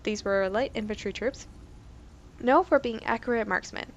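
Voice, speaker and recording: A woman's voice: fairly high pitch, normal speed, dull audio, a little hiss or hum. A woman doing casual let's play commentary, reading game entries aloud in a chatty, self-correcting way with giggly asides.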